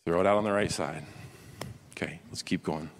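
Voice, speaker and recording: A man preaching a sermon in a conversational, storytelling way, dropping to a hush for quoted lines. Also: deep voice, normal speed. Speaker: pastor. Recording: long hall reverb.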